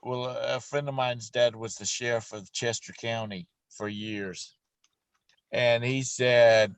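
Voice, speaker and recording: A man's voice: on the low side, no room sound. A man hosting a morning show, telling chatty stories and laughing along as he goes. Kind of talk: casual chat.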